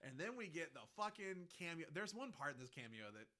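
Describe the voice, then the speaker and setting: A man hosting a casual film podcast, animated, laughing often and swearing freely. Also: on the high side, brisk. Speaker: podcast host.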